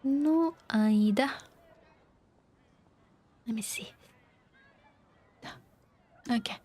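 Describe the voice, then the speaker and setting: A woman's voice: a little high, extremely slow, warm tone. A woman teaching a language while streaming a video game, thinking aloud and explaining step by step with lots of fillers. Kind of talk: live-streamed gaming lesson.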